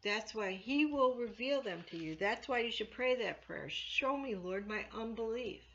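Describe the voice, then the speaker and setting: A woman church elder giving an informal Bible teaching, chatty with many "you know" fillers, getting louder when she quotes scripture. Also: a little high, expressive, moderate pace, highs cut off, slight background noise.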